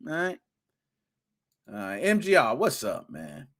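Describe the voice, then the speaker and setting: A man hosting a live gaming podcast, giving playful, hyped-up shout-outs to his chat with slang and rhymes. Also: mid-range voice, huge pitch swings, unhurried. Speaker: podcast host.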